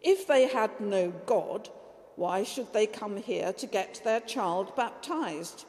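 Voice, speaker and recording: A woman's voice: mid-range voice, lively intonation, takes it slowly, darkish tone, big-room sound. Woman voicing a stern, scolding Lord. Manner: severe, scolding. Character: stern, irritable Lord speaking to a priest.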